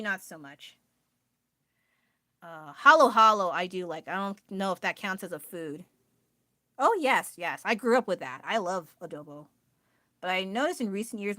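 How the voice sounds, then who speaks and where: American woman rambling on a phone livestream, bright tense voice, dry close sound, laughs a lot. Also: mid-range voice, no echo. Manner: chatty, rambling, laughs often, answers chat. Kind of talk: casual livestream chat.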